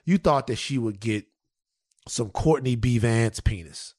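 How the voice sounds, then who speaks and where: A man co-hosting a podcast, riffing with profane, animated comic storytelling in casual banter. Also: medium pitch, measured pace, no room sound. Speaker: podcast co-host.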